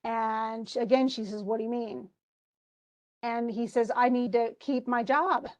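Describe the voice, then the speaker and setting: A woman's voice: fairly high pitch, fairly even intonation, a little slow. A woman teacher walking a class through a play scene, reading the characters' lines aloud between her own explanations and restarts. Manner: reads quoted lines aloud with restarts and asides. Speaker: literature teacher. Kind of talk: lecture retelling a play scene.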